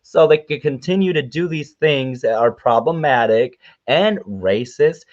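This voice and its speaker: A man's voice: medium pitch, animated, measured pace, highs cut off. A man talking earnestly and with frustration, making long run-on points in a casual live chat. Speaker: channel host.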